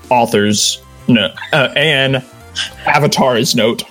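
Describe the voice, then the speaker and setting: A man's voice: medium pitch, slow, faint music behind. A man giving a comedic dramatic reading of a bad fanfic, often laughing. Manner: laughing, breaking into shouts while reading. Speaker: fanfic reader.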